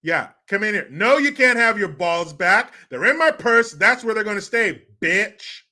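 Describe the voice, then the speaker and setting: A man's voice: high-pitched, very animated, unhurried, sharp tone, heavily acted. Man putting on a bossy taunting wife. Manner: mocking, bossy. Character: bossy domineering wife taunting her husband.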